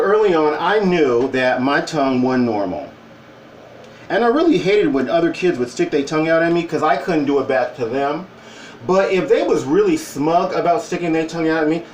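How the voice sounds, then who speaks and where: Man, mid-forties, casual vlog storyteller, lively swooping pitch, recorded distant in an echoey room. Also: a little hiss or hum. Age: 40s. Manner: animated, wry storytelling with quoted voices. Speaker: vlogger. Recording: roomy, distant from the mic.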